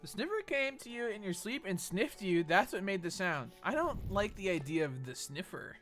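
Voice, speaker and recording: A young American man streaming games and chatting casually, animated and profane, jumping between loud outbursts and low mumbles. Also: normal speed, faint music behind. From United States. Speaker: Twitch streamer. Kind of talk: casual live-stream chat while gaming.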